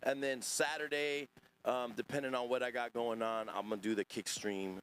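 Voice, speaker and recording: A man's voice: medium pitch, steady tone, normal speed, a bit bright, clear, resonant tone. A man hosting a casual livestream podcast, rambling and profane as he reads and answers chat. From Northern California. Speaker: podcast host.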